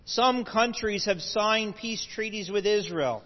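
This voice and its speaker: A man's voice: high voice, slow pace. A man lecturing to a live audience, explaining step by step, with asides and self-corrections. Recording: dull lo-fi audio with long hall reverb.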